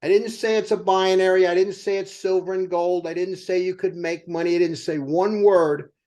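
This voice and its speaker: A man's voice: sits high, normal speed. An older man, a company co-founder, telling motivational sales stories to a team and firing rhetorical questions at them. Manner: animated storyteller asking the audience rhetorical questions.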